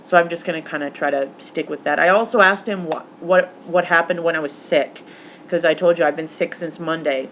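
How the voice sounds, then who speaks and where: A woman's voice: sits low, steady tone, fairly quick, fairly bright tone, slight background noise. A young woman recapping her week to camera in a casual vlog, rambling with lots of fillers. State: tearful, emotional; recovering from stomach flu. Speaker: vlogger.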